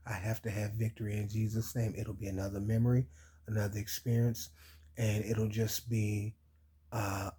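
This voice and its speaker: A man's voice: fairly low pitch, dark tone, husky. A man casually telling a personal story, laughing often, sore and recovering from surgery so that laughing hurts. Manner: laughs often while telling, addresses listeners as y'all. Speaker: vlog host.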